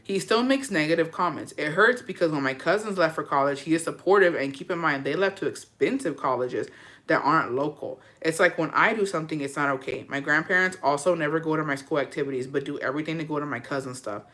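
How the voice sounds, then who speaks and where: A woman's voice: low voice, fast talker, fairly bright tone. A woman hosting a casual advice podcast, reading listener letters aloud and answering with frank, slangy talk and free swearing. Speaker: podcast host giving advice.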